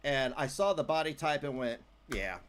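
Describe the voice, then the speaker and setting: A man's voice: mid-range voice, normal speed, very noisy. A man hosting a casual livestream, joking and chatting loosely with his viewers. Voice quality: animated, jokey, trails off into asides. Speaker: livestream host.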